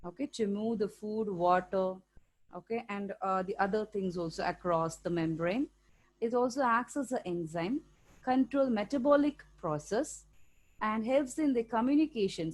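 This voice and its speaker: A woman with an Indian English accent teaching a school science lesson, explaining step by step and often checking in with "okay?". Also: medium pitch. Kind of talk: classroom lecture for students.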